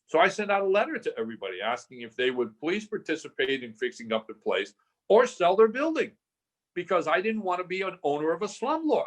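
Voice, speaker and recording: A man's voice: sits high, fairly quick. A man in his sixties, a real estate investor guest, telling stories animatedly in a casual interview and acting out the dialogue. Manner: animated storyteller, acts out dialogue.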